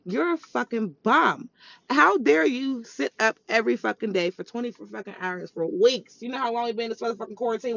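A woman's voice: fairly high pitch, a bit bright, no echo. Woman ranting with profane emphasis. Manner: profane, emphatic, repetitive scolding. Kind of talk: ranting monologue vlog. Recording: dull lo-fi recording.

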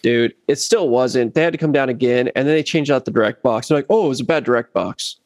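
Animated man telling a gig story. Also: medium pitch, fast, dry recording, studio quality. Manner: animated, acts out quotes of others. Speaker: bass player telling a story. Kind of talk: casual chat, storytelling.

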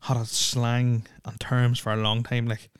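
A man's voice: medium pitch, completely flat delivery, measured pace, clear, resonant tone, no echo. A young Irish man hosting a casual podcast, rambling and swearing constantly, with lots of filler words on a close mic. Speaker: podcast host.

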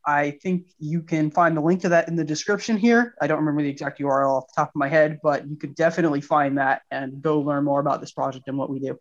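A man's voice: a little high, fairly even intonation, fast talker, few pauses, lo-fi sound. A young man, an engineering student guest, chatting in a playful, upbeat way on a podcast. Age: young adult. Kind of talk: casual interview chat.

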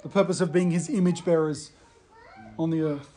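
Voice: mid-range voice, steady tone, normal speed, mellow, slight background noise. A preacher giving an earnest sermon, explaining scripture and reading quotes aloud.

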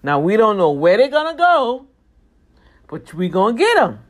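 A vlogger speaks straight to regular viewers in a casual monologue. The delivery is emphatic and preachy, broken by prayerful asides. The pitch jumps high whenever a point needs hammering home. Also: very animated, moderate pace. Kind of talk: casual monologue with urgent warnings.

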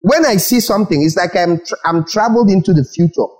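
A man's voice: high voice, quick pace, darkish tone, rough recording. A man from Nigeria preaching a sermon as pastor, acting out little scenes and repeating words for emphasis.

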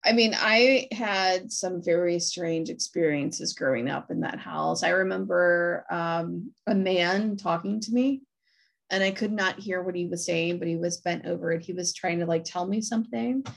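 A woman hosting a casual round-table chat over a video call, relaxed and conversational. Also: on the low side, normal speed, vocal fry. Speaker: host.

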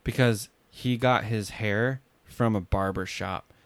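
A man with a lowish, fairly even voice co-hosts a podcast, speaking slowly with no echo. He chats about movies in a casual, joking way, rambling and letting sentences trail off into fillers.

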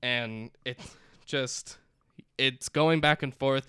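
Bright, clear young man chatting casually. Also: medium pitch, slow, dry recording, studio quality. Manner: rambling with many fillers and restarts. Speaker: podcast co-host reviewing a film. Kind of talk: casual chat recapping a movie.

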